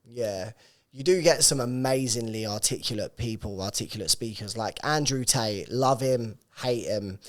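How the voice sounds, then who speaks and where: A man's voice: medium pitch, normal speed. A man co-hosting a podcast, telling stories in casual, chatty talk with the odd swear word. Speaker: podcast co-host.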